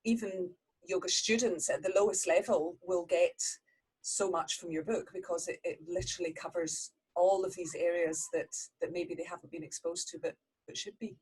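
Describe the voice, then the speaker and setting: A woman's voice: on the low side, steady tone, normal speed, a little mellow, slightly rough, low-quality recording. A woman hosting a podcast interview, praising her guest's book. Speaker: podcast host. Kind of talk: interview chat.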